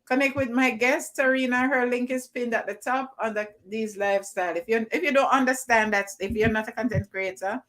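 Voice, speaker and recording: A woman hosts a livestream and walks her viewers through what to do with brisk, chatty instructions. Her voice is fairly high. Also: a bit bright, poor audio. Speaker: livestream host.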